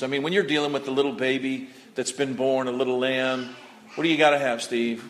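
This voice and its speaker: Recorded with a church hall's long reverb and a little hiss or hum, a man preaches as pastor in the sanctuary. His mid-range, slightly bright voice is flat and fairly quick. He keeps it folksy and conversational, inviting responses from the congregation.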